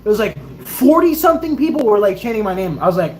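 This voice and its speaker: A young man in his twenties, a Navy sailor and YouTuber, casually telling stories in a livestream Q&A and acting out other people's excited voices. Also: high voice, quick pace, a little hiss or hum. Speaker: YouTuber and Navy sailor answering viewer questions.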